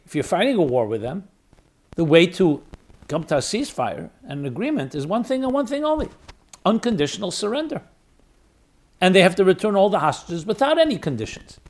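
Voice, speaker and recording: A man's voice: high voice, sing-song, fairly quick. Emphatic man, rabbi lecturing. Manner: emphatic, repeats key words for stress; weighs arguments aloud, asking rhetorical questions. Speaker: rabbi and podcast host. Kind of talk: spoken lecture answering questions.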